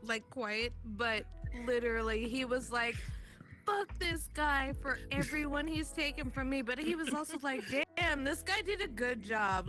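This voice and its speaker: A high, bright-voiced woman teases her friends in casual chat. Her voice is clear and sharp. Faint music plays behind the voice chat. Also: measured pace. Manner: teasing, playful. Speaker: podcast co-host. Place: voice chat in a virtual-reality app.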